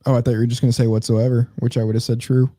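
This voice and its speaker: A man's voice: mid-range voice, flat delivery, very fast, dark tone, no echo, clean studio sound. A young man co-hosting a podcast, wrapping up the show in laid-back, slangy casual chat.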